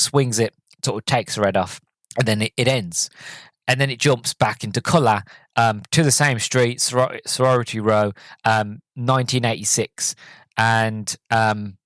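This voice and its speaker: A man's voice: medium pitch, dry recording. A man hosting a podcast, casually and enthusiastically recapping a film with lots of fillers. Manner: rambling, enthusiastic, many fillers. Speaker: podcast host. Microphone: podcast mic.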